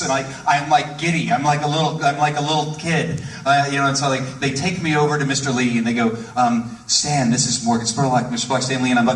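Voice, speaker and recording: A man on stage at a live tribute event, telling a gushing, excitable anecdote in quick bursts. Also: on the high side. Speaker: guest speaker on stage. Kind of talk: enthusiastic storytelling anecdote. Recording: echoey theater from a distant mic.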